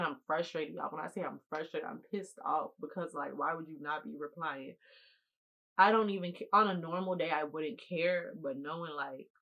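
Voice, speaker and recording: A woman's voice: sits low, fairly bright tone, poor audio. A young woman telling a casual storytime to her viewers, eating as she talks, repeating phrases for emphasis and speaking straight to the audience. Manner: eating while talking. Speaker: storytime vlogger.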